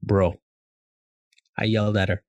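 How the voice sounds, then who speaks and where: A man telling stories in casual chat, animated and slangy, with many fillers. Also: fairly low pitch, unhurried, no room sound, muffled recording.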